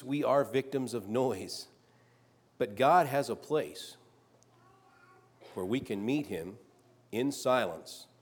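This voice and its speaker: A man preaching a sermon, reading scripture aloud and rising louder on the quoted lines. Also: mid-range voice.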